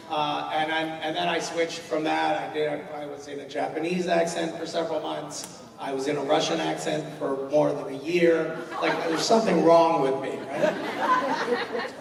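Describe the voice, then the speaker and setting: Male panel guest, forties, gravelly, jokey rambling delivery, long hall reverb, distant mic, faint hiss. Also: a little high. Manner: joking, self-mocking, rambling with many fillers. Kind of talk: comedic convention Q&A storytelling. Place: large convention hall. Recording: echoey hall recorded from afar.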